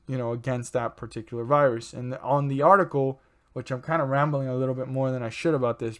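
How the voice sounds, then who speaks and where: A man's voice: mid-range voice, clean tone. Rambling man talking stocks. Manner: rambling, self-correcting, filler-heavy. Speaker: stock market channel host. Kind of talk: casual rambling commentary.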